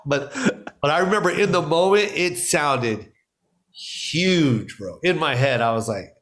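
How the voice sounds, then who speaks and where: A man's voice: on the high side, measured pace. A man, a stand-up comedian, telling stories in a casual interview, acting out quotes and laughing often. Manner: excited storyteller, acts out quotes, laughs often. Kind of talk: animated storytelling in casual chat.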